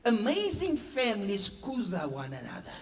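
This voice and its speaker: Man, pastor preaching, very high voice, call-and-response, long church reverb. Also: wildly swooping pitch, normal speed, music in the background. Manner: acts out scenes with playful mimicked voices and sound effects. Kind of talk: sermon. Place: church hall.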